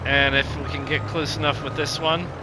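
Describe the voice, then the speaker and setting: A man's voice: on the high side, flat delivery, moderate pace, background noise. A man giving casual, rambling gameplay commentary, with lots of ums and self-corrections. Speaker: gaming video host.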